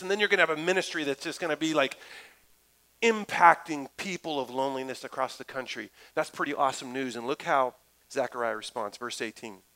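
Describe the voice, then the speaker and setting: A middle-aged man, a pastor, preaching a lively, conversational sermon full of asides and stories. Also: on the high side, rough recording.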